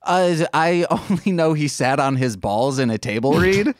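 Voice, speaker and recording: A man's voice: fairly high pitch, normal speed, no echo. Joking man with a dry, close sound. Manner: joking, animated storyteller. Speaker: podcast co-host. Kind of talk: casual chat.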